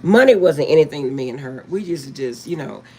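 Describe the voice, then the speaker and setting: A middle-aged woman talks casually to her viewers from home, recorded on a phone, breaking into laughter as she tells a story. Her voice sits a little low and sounds husky. Her pitch swings up and down all over the place. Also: lively intonation, brisk, darkish tone. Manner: laughs often while telling a story. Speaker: card reader. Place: at home, indoors.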